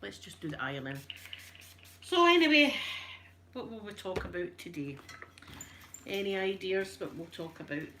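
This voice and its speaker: A woman's voice: on the low side, normal speed, a little hiss or hum. A Scottish woman hosting a chatty live stream while ironing, emotional and tearful, greeting her viewers by name.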